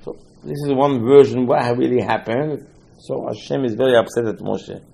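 A man giving a Torah class as a rabbi. He talks in an animated way, acts out the quotes and uses loose, non-standard English. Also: mid-range voice, moderate pace, creaky, rough recording. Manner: animated, acts out quotes, mixes in Hebrew terms.

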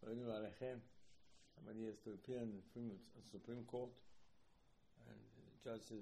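A man giving an informal Torah talk as a rabbi, animated, repeating himself and acting out quoted lines, with non-native phrasing. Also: on the low side, normal speed, vocal fry, slight background noise, rough recording. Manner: animated, repeats words, acts out quoted dialogue.

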